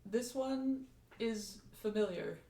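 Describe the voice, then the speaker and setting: A woman voicing a naive, newly embodied robotic creature in a tabletop game, speaking quietly in broken grammar. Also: medium pitch, animated, slow, gravelly, reverberant. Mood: curious.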